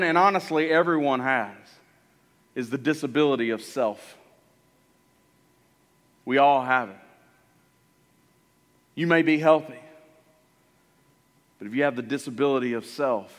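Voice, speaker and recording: High, bright-voiced preaching man. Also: long reverb tail. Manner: animated preaching that acts out the story's voices. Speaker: pastor. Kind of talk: sermon. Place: church sanctuary.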